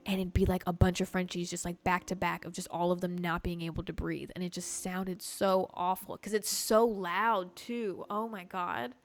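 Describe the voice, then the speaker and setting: Animated swearing woman podcast host. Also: fairly low pitch, normal speed, few pauses. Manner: animated, swears often, heavy "like" filler. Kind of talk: casual storytelling chat.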